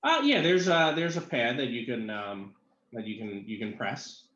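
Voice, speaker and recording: Male game master, halting delivery, echoey room, dull lo-fi audio. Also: medium pitch, lively intonation, a bit bright. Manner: halting, with many fillers. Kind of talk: narrating a tabletop game.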